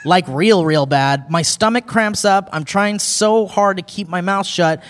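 A man with a high voice reads a listener's letter at a measured pace while co-hosting a podcast live before an audience. He keeps it casual and amused, laughing and bursting into shouted impressions. Long hall reverb colours the recording.

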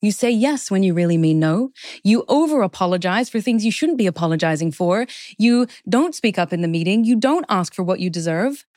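A woman's voice: medium pitch, animated, fairly quick, a little mellow, no echo, clean studio sound. A woman guest in an interview, explaining her ideas earnestly and laying them out step by step. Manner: earnest, explanatory, lists points in steps. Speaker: guest author. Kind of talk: interview conversation.

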